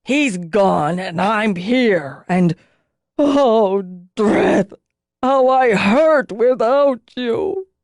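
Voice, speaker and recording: A grieving former dragonrider, a broken man who drinks, wails his losses in a thready voice, as a woman reads him. He talks slowly and bitterly, slurring his words. The sound is dry and close, as in an audiobook. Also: a little high, lively intonation, darkish tone, no room sound. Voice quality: thready, wailing. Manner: slow, mournful, slurred and bitter. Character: grieving drunk male ex-dragonrider healer.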